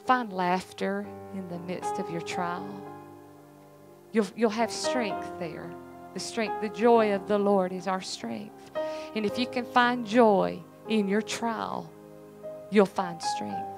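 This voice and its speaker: A woman's voice: medium pitch, steady tone, slow, gravelly, music in the background, low-quality recording. Earnest woman giving church testimony. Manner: emphatic, repetitive, earnest. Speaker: church speaker, pastor's family.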